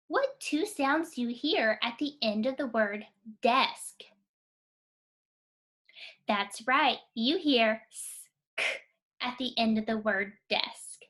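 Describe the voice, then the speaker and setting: A woman teaching a phonics lesson to young children, sounding out words slowly, clearly and encouragingly. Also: fairly high pitch, expressive, fairly bright tone. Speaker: kindergarten teacher.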